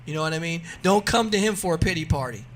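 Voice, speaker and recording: A man's voice: a little high, quick pace. A man guest on a radio talk show, chatting casually and animatedly, laughing often and telling stories. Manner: animated storyteller, laughs often, says "you know what I mean". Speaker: racing guest. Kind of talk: casual radio interview chat.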